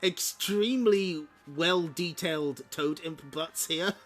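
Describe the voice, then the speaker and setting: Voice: medium pitch, slow, a bit bright, soft background music. A streamer reading a comic aloud on stream, breaking off for playful, chuckling asides about the art and story. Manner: playful, chuckling asides between read panels. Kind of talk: casual comic read-along with commentary.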